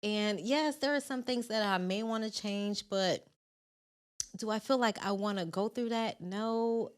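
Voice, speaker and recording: A woman's voice: medium pitch, a little slow, smooth. A woman in her late thirties co-hosting a podcast, candid and supportive, with frequent short agreements. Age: 30s. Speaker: podcast co-host. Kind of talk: casual chat.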